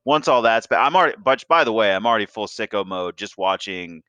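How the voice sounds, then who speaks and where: A man with a low but bright, forceful voice, recorded close and dry. He co-hosts a sports podcast, animated and jokey, tumbling through his thoughts. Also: fast, dry recording. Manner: animated, jokey, rambling with restarts. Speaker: podcast co-host. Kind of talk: casual sports chat.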